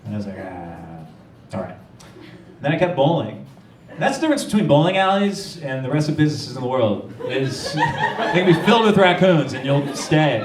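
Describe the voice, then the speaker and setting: A man's voice: fairly high pitch, sing-song. Male comedian, roomy live club sound. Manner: halting, rambling delivery with frequent restarts. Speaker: stand-up comedian. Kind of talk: stand-up comedy set. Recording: roomy live club, distant mic, crowd noise.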